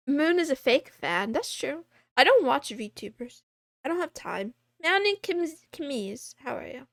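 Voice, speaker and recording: A woman streamer chatting casually on a livestream, rambling and laughing often, a little hoarse. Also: high voice, fairly bright tone, no echo, clean studio sound. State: losing her voice. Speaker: VTuber streamer.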